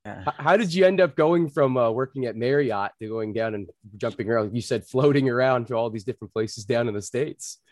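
A young man hosting an interview in a relaxed, chummy way. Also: medium pitch, fairly quick, no room sound, clean studio sound. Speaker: host.

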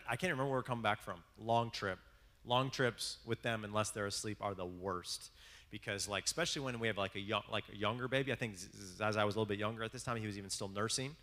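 Male pastor, loose joking sermon style, bright forceful tone, long echoing hall. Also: lowish voice. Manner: rambling, self-mocking storytelling with many restarts. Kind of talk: conversational sermon.

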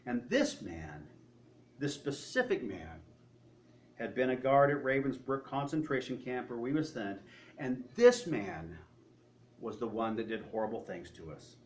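A man telling a story in a sermon, retelling someone's words and often dropping his voice low. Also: very animated, measured pace, a little hiss or hum. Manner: retelling a story with quoted speech, often trailing off quietly. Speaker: preacher.

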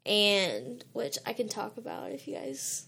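A woman's voice: mid-range voice, big pitch swings, a little slow, gravelly, a crowd in the background. A woman in her twenties talking in casual chat, earnest, with many "like" and "um" fillers as she tells her testimony. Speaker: guest sharing her testimony.

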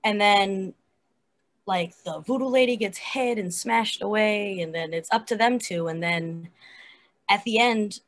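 An animated, chatty woman talking through her favorite scenes of a TV episode in a relaxed podcast conversation. Her voice sits at an ordinary middle pitch, and her speech is full of casual fillers. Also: unhurried. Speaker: podcast co-host. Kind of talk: casual chat reviewing a TV episode.

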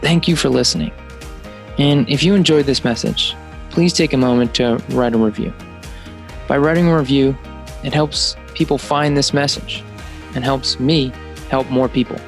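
A man's voice: mid-range voice, normal speed. A man reading a scripted podcast outro, asking listeners with an upbeat call to action. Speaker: podcast host. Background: faint music.

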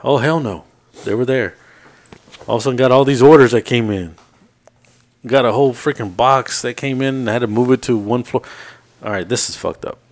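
A podcast co-host with a medium-pitched voice talks fairly quickly, spinning long stories from his week. The chat is casual and profane, and he animatedly acts out what people said, laughing along the way.

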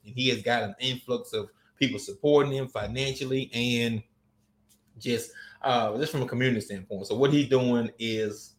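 A man co-hosting a casual chat, talking in an animated way and repeating phrases for emphasis. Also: medium pitch, normal speed, roomy sound.

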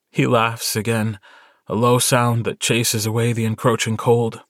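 A man narrating a short story audiobook in a measured, intimate storytelling manner. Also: mid-range voice, little pitch movement, fairly bright tone, no echo, studio quality. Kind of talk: scripted narration.

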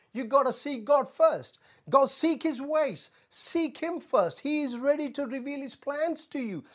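A man preaching a sermon as a pastor, earnest and repetitive, often saying "Amen" and stumbling on fillers. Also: very high voice. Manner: stumbles on filler sounds when searching for words.

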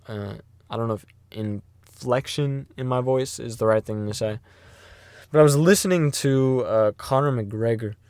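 A man's voice: fairly low pitch, no room sound. A man hosting his own podcast, talking casually and thinking aloud with many fillers and restarts in an earnest, reflective way. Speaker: podcast host. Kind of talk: casual solo monologue.

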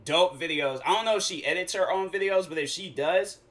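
A young man talks through a solo podcast episode in a loose, rambling way, full of slang and mid-sentence corrections. His voice is bright and a little on the high side for a man. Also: a little fast. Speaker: podcast host. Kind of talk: casual solo podcast monologue.

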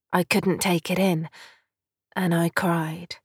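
A woman reading a poem and a short story aloud in a soft, solemn storytelling manner. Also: on the low side, level tone, slow pace, slightly rough, dry recording, clean studio sound. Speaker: reader of poems and stories. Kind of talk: slow literary reading.

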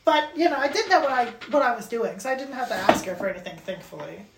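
High-voiced woman in an echoey room. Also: fast, vocal fry, heavy background noise. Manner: rambling, relaxed, filler-heavy. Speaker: podcast co-host. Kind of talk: casual chat.

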